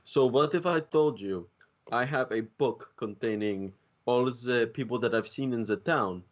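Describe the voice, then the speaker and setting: A man playing a tabletop game, speaking in a measured, persuading way. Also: mid-range voice, muffled recording. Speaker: player.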